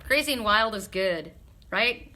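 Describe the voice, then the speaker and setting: A woman's voice: medium pitch, animated, measured pace, sharp tone, a little hiss or hum. A woman doing spiritual readings on a live stream, chatting frankly with viewers, laughing often and swearing freely.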